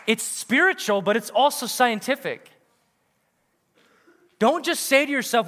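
High bright-voiced male preacher in a reverberant hall. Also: measured pace, long pauses. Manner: animated, punchy, with bursts of laughter. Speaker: pastor. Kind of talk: sermon.

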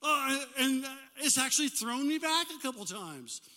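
An older man, a pastor, preaching a lively sermon to his congregation and calling for responses from them. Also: extremely high pitch, moderate pace. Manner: animated, call-and-response preaching. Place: church sanctuary. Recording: hall reverb.

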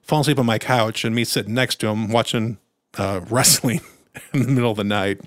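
Animated male podcast storyteller, dry sound. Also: brisk, no room sound. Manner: animated storyteller, acts out quotes in a high voice. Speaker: podcast co-host. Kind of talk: casual storytelling chat.

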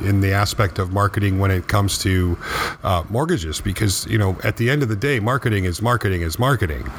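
Podcast co-host, male, low voice, inquisitive, faint noise behind him. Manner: inquisitive, poses long questions. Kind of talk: casual podcast chat.

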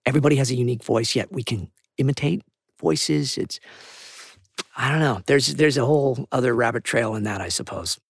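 A man, a voice actor, talking in an animated, rambling, enthusiastic way as a podcast interview guest. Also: medium pitch, a little fast, gravelly, slightly rough, no echo, studio quality.

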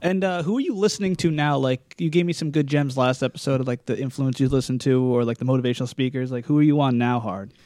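A young man hosts a podcast in a joking, blunt, animated way. He talks quickly, and his voice sits close and dry on the mic with almost no room sound. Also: medium pitch, no room sound. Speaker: podcast host. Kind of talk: casual podcast chat.

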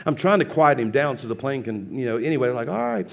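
A man preaching as a pastor, telling a funny personal story with lively, laughing acted-out dialogue. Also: medium pitch, fast talker. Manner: animated, humorous, acts out dialogue with laughs. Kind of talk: sermon storytelling.

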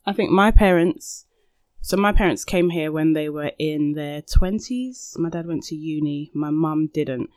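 A man's voice: on the high side, unhurried, clear, resonant tone, dry recording. A man co-hosting a casual podcast discussion, talking reflectively with restarts and asides. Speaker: podcast co-host.

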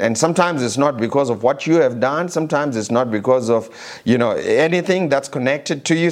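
Male preacher, emphatic sermon delivery, scripture reading, slow stressed verses, halting restarts. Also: mid-range voice. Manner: emphatic, slows and rises when reading scripture, some filler restarts; reads scripture aloud.

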